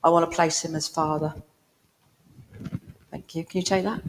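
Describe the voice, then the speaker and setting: A woman's voice: deep voice, steady tone, moderate pace. A woman giving a spiritualist mediumship reading in a village hall, chatty and down-to-earth, talking directly to a listener. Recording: long hall reverb.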